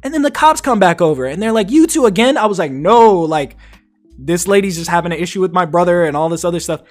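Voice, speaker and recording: A man's voice: high-pitched, expressive, very fast, faint music behind. A man hosting a podcast, telling a long story in casual, profane chat and acting out the quotes. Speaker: podcast host.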